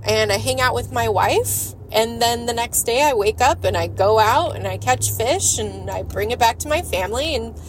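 A relaxed, unhurried fisherman, put on by a woman retelling the tale. His voice sits a little high and he speaks plainly and calmly. It comes across as a casual podcast retelling. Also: a little hiss or hum, natural voice, rough recording. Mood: content. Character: laid-back man, a simple fisherman.

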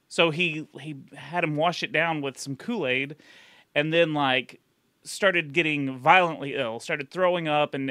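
A man with a bright, forceful, fairly high voice tells a story on a casual podcast, breaking into laughter often. The sound is dry and close, with no room echo. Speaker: podcast co-host and producer.

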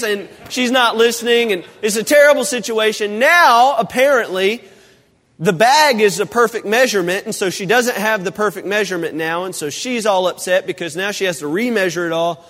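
Man, pastor, high voice, comic storytelling sermon, church hall reverb. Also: normal speed. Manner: animated, humorous storytelling.

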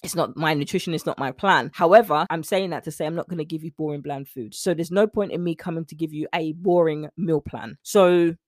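A woman's voice: low voice, no room sound. Chatty woman coaching, dry sound. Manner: chatty and preachy, with church-style call-outs. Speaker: nutrition and mindset coach. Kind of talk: motivational talk to camera.

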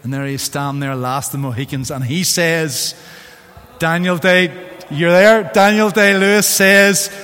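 A man with a Northern Irish accent preaching a sermon as pastor, in an animated, theatrical way. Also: on the high side, normal speed. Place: church sanctuary. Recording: long church hall reverb.

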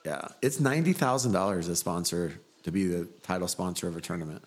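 A man hosting a podcast, chatting in a relaxed, joking way. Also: low-pitched, fast. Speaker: podcast host. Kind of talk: casual chat.

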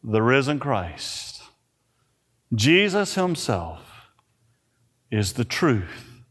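A man pastor preaching a sermon, slow and emphatic, with dramatic pauses on key words. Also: mid-range voice, sing-song, fairly bright tone, husky. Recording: reverberant church hall.

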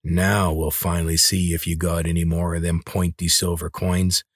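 A man doing a gruff, bullying farmer father. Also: sits low, little pitch movement, normal speed, no room sound, clean studio sound, pitched below the performer's own voice. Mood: scheming. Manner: harsh, scolding rural speech.

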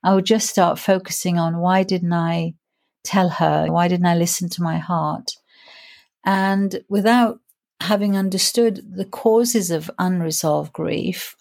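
A woman in her sixties, a grief coach telling her own story in an interview, reflective and earnest, slowing down to stress key points. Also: lowish voice, creaky, darkish tone. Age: 60s. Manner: reflective, earnest, slows down for emphasis.

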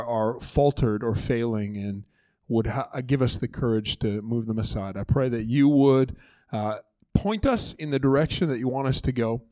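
Preaching a conversational sermon from a church stage, a lead pastor in his thirties speaks with a medium-pitched voice. The audio has no echo, and he animatedly takes on the voices in the story.

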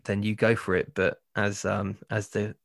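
A man hosting a podcast interview, relaxed and hesitant, laughing easily. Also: lowish voice, moderate pace, gravelly, no room sound, studio quality. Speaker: podcast host. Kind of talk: casual interview chat.

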